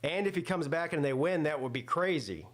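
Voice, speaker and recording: Expressive and fairly quick, a man with a voice on the high side hosts a live football watch-party stream. He gives casual commentary, chatting loosely and restarting often between fillers.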